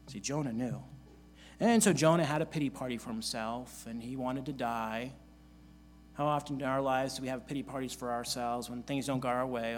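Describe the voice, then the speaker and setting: With faint music playing behind him, a man with a mid-range voice preaches at a moderate pace. This pastor reads scripture aloud with earnest conviction, repeating important phrases for emphasis.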